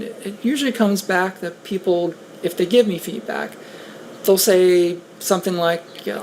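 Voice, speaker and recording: A woman's voice: medium pitch, rough recording. A woman in casual conversation, talking in a hesitant, rueful way with frequent restarts. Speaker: guest on a talk stream. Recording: steady background noise.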